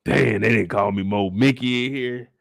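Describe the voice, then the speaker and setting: Animated joking man recapping a TV show. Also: mid-range voice, moderate pace, gravelly, slight background noise. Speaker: YouTube show recap host. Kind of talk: casual comedic commentary.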